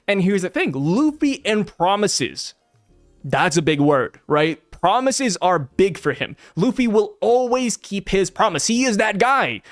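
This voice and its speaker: A young man giving a casual, excitable chapter breakdown for viewers, chatting fast and asking the audience questions. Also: high voice, dry recording, studio quality. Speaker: anime and manga commentator.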